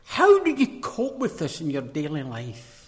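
A man preaching a sermon, emphatic, repeating key phrases and swinging between loud declarations and hushed asides. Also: on the high side, wildly swooping pitch, a little slow. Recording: long reverb of a large hall.

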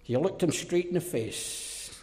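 A man preaching a sermon, emphatic and forceful, dropping into low mocking asides. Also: expressive, measured pace. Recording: reverberant hall.

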